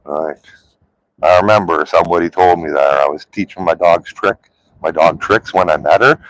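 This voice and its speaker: Very deep-voiced man rambling on a live stream. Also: normal speed, a bit bright, no echo, poor audio. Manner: rambling, loose and chatty, lots of "like" and "um". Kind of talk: casual live-stream chat.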